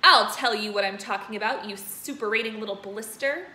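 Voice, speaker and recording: A woman voicing a cruel, tyrannical headmistress who booms and hurls insults. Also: animated, measured pace, exaggerated voice. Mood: furious. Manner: booming, shouting insults. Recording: roomy echo, faint noise.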